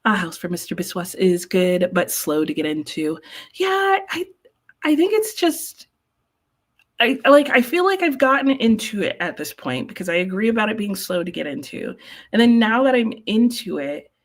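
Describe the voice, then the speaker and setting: A woman's voice: lowish voice, animated, a little fast. A woman hosting a live reading stream, chatting casually and rambling to her viewers while sounding sleepy. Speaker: host of live reading sprints. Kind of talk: casual livestream chat.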